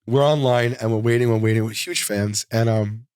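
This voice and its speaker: A man in his forties, a comedian guest, telling a rambling, animated anecdote in a casual interview, full of "like.". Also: on the low side, a little fast, smooth, dry recording, studio quality.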